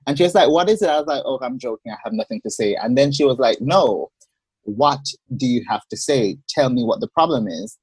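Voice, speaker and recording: Man, podcast guest, husky mid-pitched voice, measured storyteller on a dry video call. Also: expressive, darkish tone, no echo. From Jamaica. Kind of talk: personal storytelling in a casual interview.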